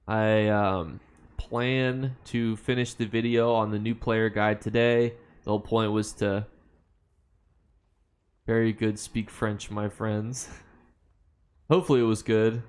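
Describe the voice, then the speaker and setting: A young American man hosting a casual game livestream, reading viewer comments aloud and rambling through loose, filler-heavy answers with easy laughs. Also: on the low side. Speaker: livestream host.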